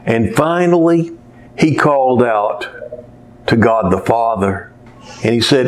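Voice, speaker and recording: A man's voice: mid-range voice, takes it slowly, pauses often. A man preaching a sermon, telling stories and sometimes losing his place and starting over. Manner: rambling storyteller who loses his place and restarts. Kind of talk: sermon with storytelling.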